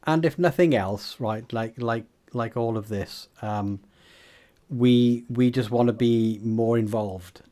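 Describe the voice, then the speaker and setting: A man's voice: medium pitch, takes it slowly, mellow. A man from Wales hosting a casual group chat, laughing often and rambling through restarts. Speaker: podcast host.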